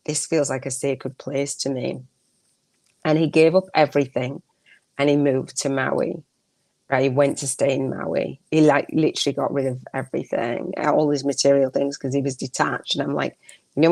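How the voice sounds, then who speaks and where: Gravelly-voiced woman podcast host. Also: low voice, a little mellow, no echo. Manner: rambling, heartfelt, self-correcting. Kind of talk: casual monologue.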